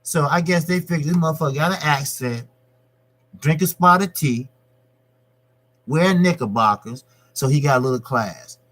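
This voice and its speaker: Male boxing channel host; loose, cussing live-stream talk, a bit higher than average. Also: moderate pace. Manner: profane, repetitive, animated. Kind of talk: casual live-stream rant.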